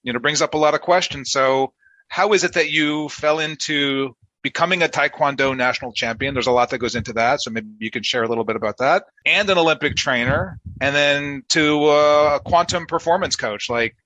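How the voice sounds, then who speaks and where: A man co-hosting a podcast talks in a chatty, joking way. His voice is bright and forceful, recorded dry and close to the mic. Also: on the high side, fairly quick, no echo, lo-fi sound. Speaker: podcast co-host. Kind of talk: casual podcast interview.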